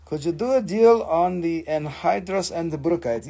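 A man's voice: a little high, lively intonation, moderate pace, vocal fry, few pauses, warm tone. A man hosting a live mineral sale, chatting enthusiastically and answering viewer comments. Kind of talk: casual live-stream sales chat.

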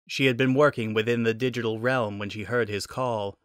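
Bright-voiced man narrating a story. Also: medium pitch, fairly even intonation, brisk, hardly any pauses, dry recording, studio quality. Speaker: reader of fan fiction.

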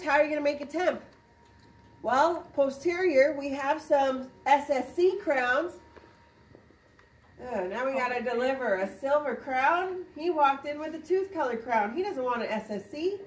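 A woman, a dental instructor, demonstrating a procedure to a class and quizzing students with quick questions. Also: sits high, distant mic. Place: clinic classroom. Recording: roomy sound from off-mic.

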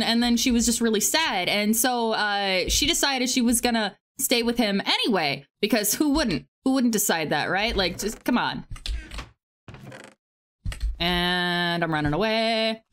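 A woman's voice: mid-range voice, a little hiss or hum. Chatty woman rambling through a legend. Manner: rambling and chatty, full of filler words, breaks off to react to the game. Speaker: gaming video creator. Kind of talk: casual storytelling while playing a game.

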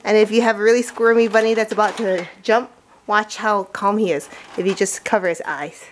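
A woman's voice: mid-range voice, steady tone, a little fast, a little hiss or hum. A woman doing a casual how-to vlog as a pet owner, chatty, coaxing and enthusiastic.

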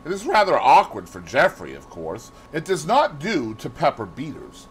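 A man voicing a worldly older gentleman who speaks in a dry, dismissive way, in an audiobook reading. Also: fairly high pitch, very animated, normal speed, a little hiss or hum, voice pushed up. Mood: cool.

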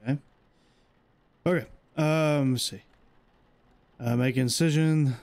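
A man's voice: a little high, steady tone, slow, a little mellow. A young man playing a horror game and commenting. He is jumpy, talks to himself and reads instructions aloud. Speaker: gamer. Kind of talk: let's play commentary.

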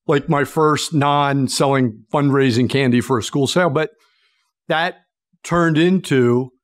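A man's voice: mid-range voice, no echo, studio quality. A middle-aged man from Pennsylvania, a sales expert telling a long story in an interview and acting out the people in it.

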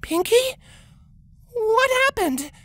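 A man voicing a tall, tearful human princess with a shrill, shaky voice. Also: lively intonation, measured pace, pushed and bright, exaggerated voice. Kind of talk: audiobook character voice.

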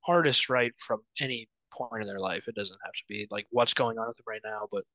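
A young man from Wyoming co-hosting a casual music chat, animated and laughing often as he trails off and restarts. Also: lowish voice, a little fast, dry recording, low-quality recording. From Wyoming, United States. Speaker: podcast co-host presenting songs.

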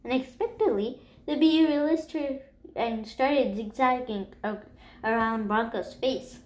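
A woman reading a children's picture book aloud in a gentle, expressive storytelling voice. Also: fairly high pitch, unhurried. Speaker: storybook reader.

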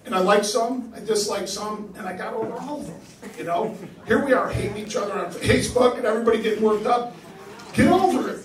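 An older man doing a crude, self-deprecating stand-up set on a comedy club stage. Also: sits high. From New York. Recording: roomy live club sound from a distance. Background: laughing audience.

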